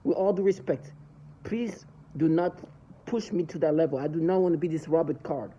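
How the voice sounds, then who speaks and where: A man's voice: fairly high pitch, moderate pace, dark tone, breathy edge, muffled recording. A man ranting angrily in a monologue to camera, cursing and agitated. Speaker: vlogger.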